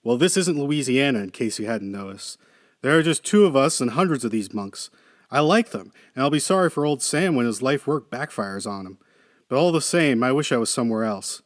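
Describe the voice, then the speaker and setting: A man's voice: mid-range voice, expressive, fairly quick, dry recording, studio quality, close to an everyday voice. A man reading the part of an anxious, chatty male computer engineer who talks with urgency. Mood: worried.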